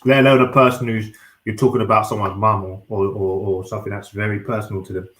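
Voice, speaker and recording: A man in a casual chat, talking in a measured, halting way and repeating words as he goes. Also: on the low side, flat delivery, a bit bright. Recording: roomy echo.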